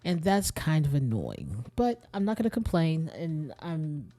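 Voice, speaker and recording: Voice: medium pitch, wildly swooping pitch, a little slow, dark tone. A young adult game streamer, a bit tired and short of breath, rambling in casual chat straight to viewers while playing.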